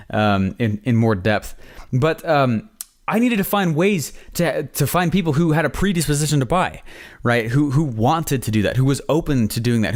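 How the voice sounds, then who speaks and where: A man hosting a podcast, telling stories in a rambling, opinionated, casual way. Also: medium pitch. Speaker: podcast host.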